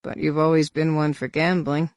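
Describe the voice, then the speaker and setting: A man voicing a disguised, faceless bar owner who questions calmly and sounds amused, in an audiobook. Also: fairly high pitch, moderate pace, dry recording, clean studio sound, natural voice. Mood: sober.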